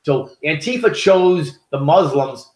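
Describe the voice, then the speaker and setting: A man's voice: fairly high pitch, lively intonation, takes it slowly, darkish tone. An American man co-hosting a podcast, telling stories in a heated, profane, rambling way. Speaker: podcast co-host. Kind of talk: casual opinionated podcast chat. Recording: echoey room.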